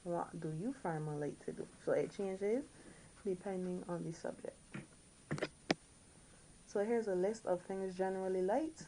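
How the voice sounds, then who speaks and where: A woman from the Caribbean teaching a recorded French lesson, repeating each word slowly and now and then correcting herself. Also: fairly low pitch, background noise. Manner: slow, repeats each word several times.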